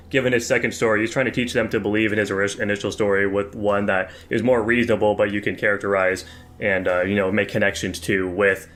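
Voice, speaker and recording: A man's voice: fairly low pitch, fairly bright tone. A young man co-hosting a casual movie review podcast, talking loosely with lots of fillers and slang. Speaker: podcast co-host.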